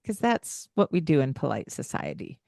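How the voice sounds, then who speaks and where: A woman co-hosting a parenting podcast, her voice sitting a little low. She talks in an animated, playful way, slipping into singsong greetings as she acts out talking to children. The sound is dry and close. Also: moderate pace, creaky, dry recording. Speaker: podcast co-host. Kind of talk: casual parenting advice chat.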